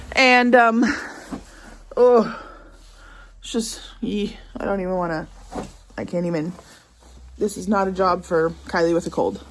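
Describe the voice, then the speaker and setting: Outdoors on her snowy Central Oregon homestead and greenhouse, a woman in her thirties narrates a casual vlog at medium pitch with slight background noise. She rambles and pokes fun at herself, has a cold, and is out of breath from trudging through snow.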